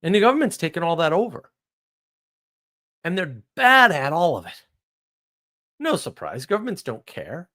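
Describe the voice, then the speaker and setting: A man's voice: moderate pace, long pauses. A man hosting a live stream monologue, blunt and ranting, asking rhetorical questions and answering them himself. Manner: blunt, ranting, animated pitch swings.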